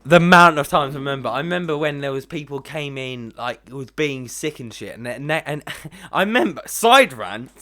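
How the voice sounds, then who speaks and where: A man's voice: medium pitch, expressive, normal speed, pushed and bright. A young man casually ranting in a reaction video, swearing a lot and laughing often.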